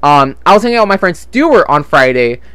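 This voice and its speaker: Young man, gaming commentary, rambling and swearing, slightly high voice, dry close sound. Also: big pitch swings, a little fast, pushed and bright, clear, resonant tone, no echo. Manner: rambling, frustrated, swears often. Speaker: gaming channel host. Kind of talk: casual gameplay commentary. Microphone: desktop USB microphone.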